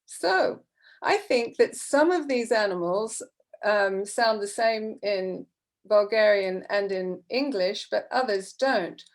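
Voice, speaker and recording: A woman's voice: medium pitch, animated, slow pace. A woman teacher trainer explaining classroom methods in a patient, explanatory way, with frequent fillers. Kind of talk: online teacher-training talk.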